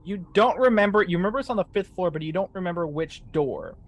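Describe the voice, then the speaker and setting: A man running a tabletop horror game as game master, narrating scenes slowly for suspense. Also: high voice, lively intonation.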